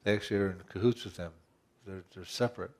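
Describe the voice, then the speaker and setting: A man's voice: deep voice, fairly even intonation, fast, a little mellow. A man pastor preaching a conversational sermon, asking rhetorical questions and often restarting his phrases.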